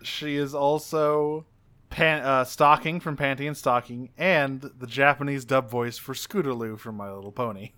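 Bright, smooth-voiced man chatting casually. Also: medium pitch, fairly even intonation, moderate pace. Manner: reads off cast credits with dry asides. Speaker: podcast co-host. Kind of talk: casual chat about game voice actors.

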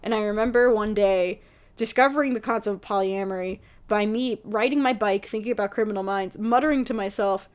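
A woman co-hosting a casual podcast chat, playful and expressive, acting out her own thoughts in voices. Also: medium pitch, brisk, clear, resonant tone. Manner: expressive, playful, swoops between voices for quotes.

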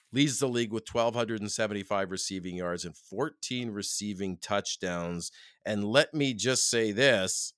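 A Canadian man co-hosting a casual sports chat show, animated and quick to laugh as he talks football. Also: fairly low pitch, clear, resonant tone, dry recording, clean studio sound. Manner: excitable, animated, laughs often. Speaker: podcast co-host.

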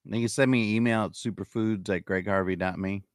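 A man hosting a casual livestream chat, relaxed and easygoing, answering in short replies. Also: lowish voice, brisk, clear, resonant tone, no echo, clean studio sound. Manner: laid-back, short replies, says "man" a lot. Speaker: host.

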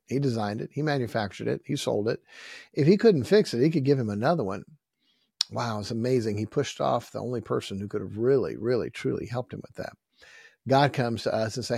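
Man, pastor, gravelly voice, folksy repetitive preaching, emphatic bursts, dry close sound. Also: mid-range voice, a little mellow, no room sound. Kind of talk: sermon.

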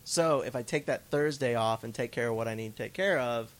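A man's voice: medium pitch, fairly quick. A young man co-hosting a casual podcast chat, blunt and easygoing with some mild swearing. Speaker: podcast co-host.

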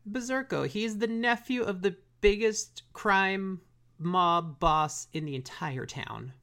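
A woman's voice: mid-range voice, slow pace, a bit bright. A young woman co-hosting a podcast, recapping a cartoon episode in slangy, laid-back casual chat that often trails off. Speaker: podcast co-host.

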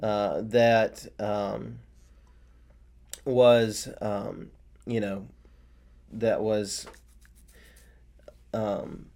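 A man's voice: fairly low pitch, flat delivery, drawn-out words, gravelly, long pauses, darkish tone. A man co-hosting a casual Bible study talk, rambling with many fillers and restarts. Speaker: podcast co-host.

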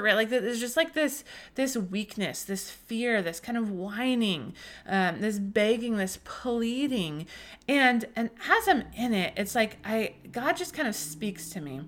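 Earnest, emotional woman with a higher voice. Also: expressive, measured pace, a bit bright. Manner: earnest and emotional, many restarts and "like". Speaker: podcast host. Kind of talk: casual faith podcast storytelling.

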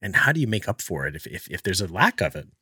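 A man's voice: deep voice, sing-song, fast, bright, forceful tone, husky, dry recording, clean studio sound. A man interviewing a guest with curious, probing questions. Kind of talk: conversational interview.

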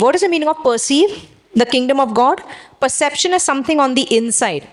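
A woman's voice: high voice, expressive, brisk. Woman preaching with call-and-response. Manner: exhorting, with call-and-response questions. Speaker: pastor. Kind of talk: sermon.

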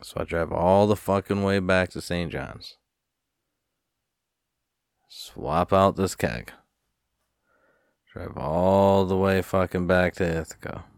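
Low-voiced man, rambling profane vlog rant, dry close sound. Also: fairly even intonation, takes it slowly, pauses often, dry recording. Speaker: vlogger. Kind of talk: casual storytelling rant.

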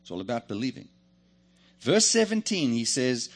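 In a lively, joking sermon, a male pastor calls on the congregation to respond. His voice is mid-range, his pace moderate, and he pauses often.

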